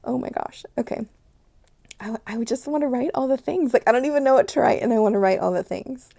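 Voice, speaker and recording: A woman hosting a casual pen unboxing and review, gushing and excitable as she fangirls over a new pen. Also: a little high, fast talker, creaky. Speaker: stationery channel host.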